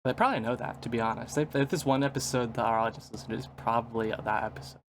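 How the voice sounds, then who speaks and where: A man's voice: mid-range voice, steady tone, a little hiss or hum. A man co-hosting a casual podcast, teasing dryly and laughing easily. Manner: wry, teasing, quick to laugh. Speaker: podcast co-host. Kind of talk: casual chat.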